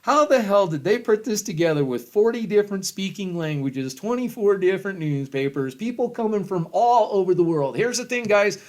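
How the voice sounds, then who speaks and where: A middle-aged man in a rambling, heavily profane rant to camera, with loud swings and frequent chuckles. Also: sits high, expressive, normal speed, few pauses. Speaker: vlogger.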